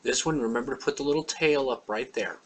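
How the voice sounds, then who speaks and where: Husky guy teaching letters, patient, says each word twice slow. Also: medium pitch, fairly bright tone. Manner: plain, patient explaining with slow repeated words. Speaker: language teacher. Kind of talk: alphabet lesson.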